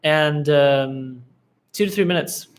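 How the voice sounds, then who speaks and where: Casual young male host for a live Q&A, relaxed, filler-heavy, slightly high voice. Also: slow pace. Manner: laid-back, relaxed, with many fillers and restarts. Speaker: livestream Q&A host, agency coach.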